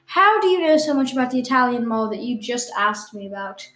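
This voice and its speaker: Woman cohost insisting on silly stuff with a straight face, lots of ums, fairly high voice, echoey. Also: sing-song, a little fast, fairly bright tone. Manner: hesitant, insisting on absurd claims with a straight face. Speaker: podcast co-host. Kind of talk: improvised comedy banter. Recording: echoey room.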